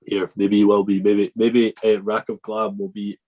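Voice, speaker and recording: A man's voice: lowish voice, flat delivery, normal speed, dark tone, rough recording. A man hosting a farming podcast, chatting casually, joking and laughing at himself. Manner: joking, laughing, self-mocking. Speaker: podcast host. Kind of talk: casual interview chat.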